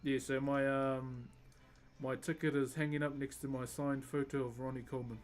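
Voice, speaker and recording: A man's voice: medium pitch, level tone, normal speed. A man from rural New Zealand with a matching accent, chatting casually and jokingly with viewers on a live stream, calling them brother. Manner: laid-back, jokey, calls everyone brother. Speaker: wood carver streaming live. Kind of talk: casual livestream chat with viewers.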